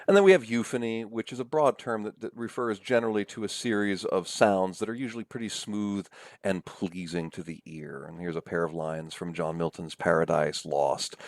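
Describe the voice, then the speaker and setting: Lecturer: man, low raspy voice, patient and explanatory. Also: fairly even intonation, no echo, studio quality. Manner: explanatory, reads examples slowly. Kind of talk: recorded lecture.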